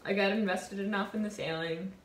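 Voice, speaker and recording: A woman in her twenties, a college sailor, telling a reflective personal story in an earnest, warm way. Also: medium pitch, fairly even intonation, brisk, reverberant, a little hiss or hum. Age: 20s. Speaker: college sailor and award winner.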